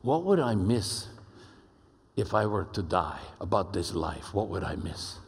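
A deep, Spanish-accented male ambassador, put on by a preacher, elegant and earnest, speaking slowly and confiding with quiet weight. the low voice rings out in a hall with a long echo. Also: big pitch swings, gravelly, husky, exaggerated voice. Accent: Spanish-accented English. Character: elegant male Latin American ambassador, thoughtful.

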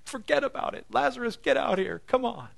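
A man voicing a breezy, high-pitched Jesus who waves off grief and calls a dead friend out of the tomb. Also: sing-song, a little fast, creaky, full character voice. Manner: breezy, dismissive, then commanding.

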